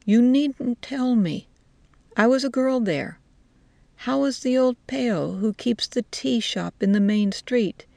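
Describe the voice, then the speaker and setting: A woman's voice: a little high, takes it slowly, gravelly, a little mellow, no echo, voice pushed up. A woman reading a storybook voicing a brave, plain-spoken old village woman. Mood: brisk.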